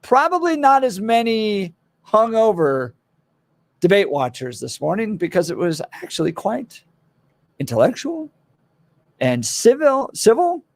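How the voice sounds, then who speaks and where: A man hosting a morning talk radio show, opinionated and animated, with sarcastic asides. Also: sits high, a little slow, no room sound. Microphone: studio microphone.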